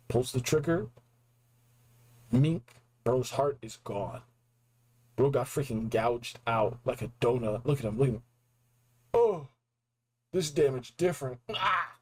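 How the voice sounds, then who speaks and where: A young man reviewing a video game in a casual, excited recap, full of slang and acted-out reactions. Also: mid-range voice, low-quality recording. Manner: animated, slangy, acts out reactions.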